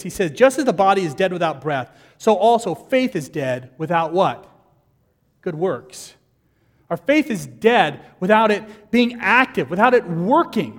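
A man preaching a sermon as pastor, lively and animated, acting out the people in his stories. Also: high-pitched, in a large hall.

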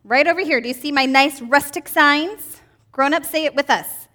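Woman in her 40s, children's ministry teacher, high bright voice, upbeat, keeps asking the kids questions. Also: normal speed. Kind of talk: children's church lesson.

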